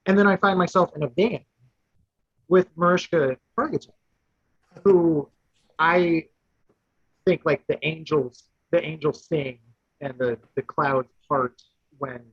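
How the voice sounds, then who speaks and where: Man, higher-pitched voice, husky, rambling animated storyteller, dull dry lo-fi audio. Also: takes it slowly, long pauses, no echo. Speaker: guest contestant. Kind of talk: casual anecdote telling.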